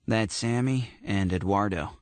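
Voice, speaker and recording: A man voicing a cocky teenage gang leader who speaks in a sly, smooth, testing way. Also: fairly low pitch, a little slow, no echo, close to an everyday voice.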